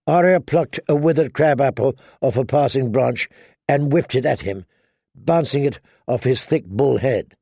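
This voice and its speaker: A man narrating a fantasy novel aloud at a measured, even pace. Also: medium pitch, slightly rough, no room sound. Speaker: audiobook narrator.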